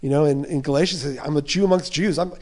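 A man preaching a sermon with passion, voicing an apostle's inner thoughts and swinging from loud urgent lines to soft, hushed ones. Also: fairly high pitch, racing.

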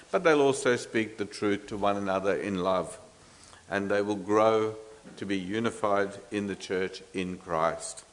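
A man preaching an expository sermon, earnest and emphatic, with frequent fillers and restarts, asking the congregation rhetorical questions. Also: on the low side.

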